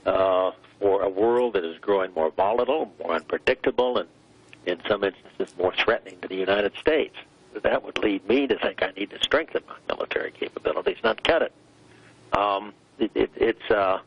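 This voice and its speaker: Gravelly low-voiced older man, halting. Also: highs cut off. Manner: measured, deliberate, many hesitant "uh" pauses. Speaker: interview guest, former vice president. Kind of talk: broadcast interview commentary.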